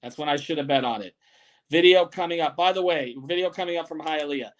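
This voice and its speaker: A middle-aged man hosting a sports podcast postgame show, talking bluntly and swearing while telling stories. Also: a little high. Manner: blunt, profane, fast storytelling.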